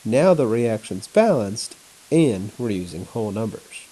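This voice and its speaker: A male teacher walking through a chemistry lesson at home on his laptop, in a flat, announcer-like voice. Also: lowish voice, unhurried, breathy edge, low-quality recording. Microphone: laptop mic.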